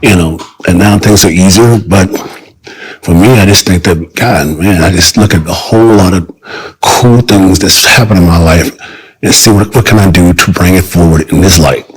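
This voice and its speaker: An older man talking as a guest in a casual interview, rambling with halting restarts and repeated phrases. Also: low voice, breathy edge, rough recording.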